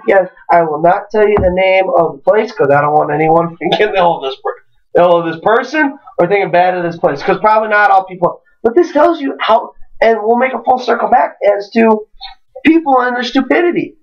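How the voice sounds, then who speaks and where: A man spins a rambling comic story in casual podcast chat, growing animated and cursing as he gets worked up. He sounds set back from the microphone, and the recording is dull and lo-fi. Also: high voice, fairly quick. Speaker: podcast co-host. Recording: distant, dull lo-fi home recording.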